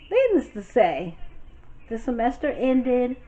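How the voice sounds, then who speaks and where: Brooklyn woman, lively profane storyteller; muffled lo-fi recording, faint noise behind. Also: on the high side, normal speed. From Brooklyn, New York. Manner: animated, profane, chatty, talks straight to viewers. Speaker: storytime vlogger. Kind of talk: casual storytelling.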